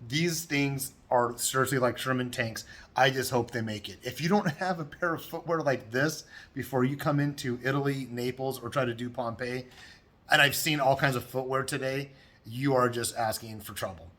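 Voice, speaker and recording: A middle-aged man talks to his camera from a hotel room in a loose, chatty vlog style. His voice sits at an everyday pitch, and he tells his stories at length, getting louder and more worked up when he replays an argument. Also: normal speed. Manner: chatty storyteller, rising loud when retelling the quarrel. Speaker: travel vlogger. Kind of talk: casual vlog chat.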